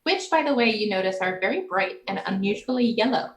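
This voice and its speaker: A woman's voice: medium pitch, animated, a little fast, reverberant. A woman narrating a tabletop game as game master, chatty, with laughing asides.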